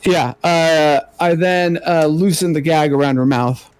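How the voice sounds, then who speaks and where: A man's voice: on the high side, steady tone, measured pace, clean tone. A man playing a tabletop game who talks hesitantly, with many fillers. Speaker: player.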